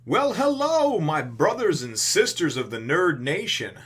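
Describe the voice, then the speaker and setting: A video reviewer with a high, very animated voice that's fairly bright and slightly rough speaks unhurriedly about a comic chapter for his channel. It's casual chat full of rambling, fillers, restarts, and free swearing.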